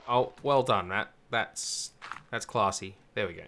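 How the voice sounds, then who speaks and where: A man with a low, bright voice talks himself through a game session, step by step. He is chatty and self-mocking. Faint keyboard clicks sit behind him. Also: measured pace, slight background noise. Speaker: gamer streaming a survival server. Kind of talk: casual let's-play commentary.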